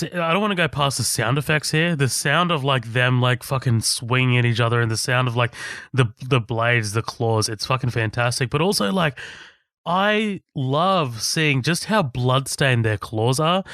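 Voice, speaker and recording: A man's voice: mid-range voice, a bit bright, no echo. Laid-back man in dry chat. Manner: laid-back, agreeable, casual swearing. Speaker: podcast co-host. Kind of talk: casual movie recap chat.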